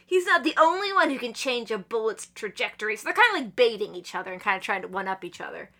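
A woman talks casually on a podcast, her bright voice swinging widely in pitch. She recaps a story with animated energy, slipping into the characters' lines and laughing often. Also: quick pace. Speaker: podcast guest. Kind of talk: casual chat recapping manga chapters.

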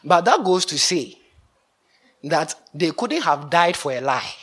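A man preaching a lively sermon, laughing often between lines. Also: on the high side, unhurried, slightly rough.

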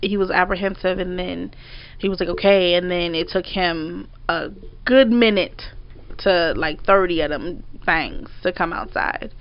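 A woman, telling a story in casual chat, animated and swearing as she acts out her own outbursts. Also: fairly low pitch, unhurried, clear, resonant tone. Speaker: storyteller co-host. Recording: dry, slightly dull audio.

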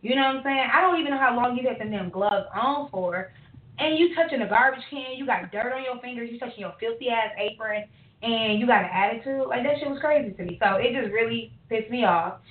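A woman co-hosting a podcast, telling a long story in a profane, rambling, animated way with lots of fillers. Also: on the high side, brisk. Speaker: podcast co-host. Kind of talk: casual ranting storytelling. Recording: echoey tinny phone-line audio.

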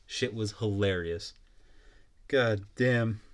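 A man's voice: fairly low pitch, takes it slowly, a little hiss or hum. A young man hosting a podcast, ranting in a blunt, profane and mocking way. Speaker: podcast host. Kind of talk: casual solo podcast rant.

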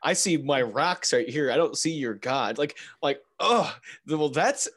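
A man's voice: fairly high pitch, lively intonation, unhurried, a bit bright, slightly rough. Blunt young man co-hosting a podcast. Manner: blunt, exasperated, swears casually. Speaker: podcast co-host. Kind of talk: casual chat. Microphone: remote video call.

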